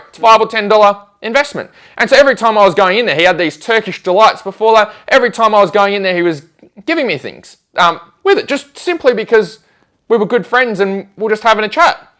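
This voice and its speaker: A man talks fast in a fairly high, very lively voice, telling stories in a relaxed chat. He acts out the back-and-forth of conversations as he goes. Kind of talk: casual storytelling chat.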